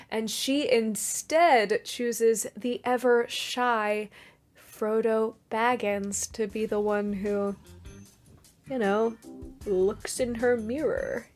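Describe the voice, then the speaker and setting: A woman hosting a video essay in casual commentary, with wry, sarcastic asides. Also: mid-range voice.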